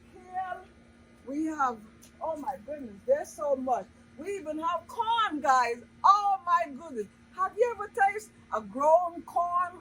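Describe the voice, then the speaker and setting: A woman's voice: high voice, a bit bright, low-quality recording. A woman from Jamaica, hosting a casual cooking vlog, bubbly and exclaiming often as she repeats her catchphrases. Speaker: cooking channel host.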